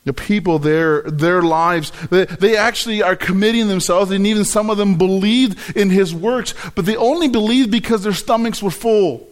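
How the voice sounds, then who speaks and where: A man's voice: high voice, moderate pace, few pauses. A man preaching a sermon on the Gospel, emphatic, often repeating words and stressing key phrases.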